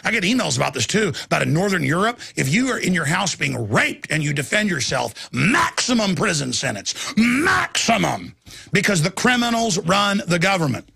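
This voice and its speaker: A man's voice: on the high side, creaky, bright, forceful tone, breathy edge, no room sound. A man hosting a nightly news show, delivering indignant, digressive commentary as he rants.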